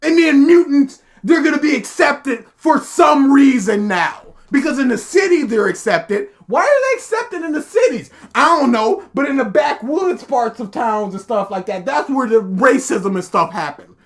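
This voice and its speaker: A woman's voice: high-pitched, lively intonation, moderate pace, hardly any pauses. A woman streamer ranting in casual commentary, exasperated and sarcastic, mocking characters in put-on voices. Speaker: streamer reacting live.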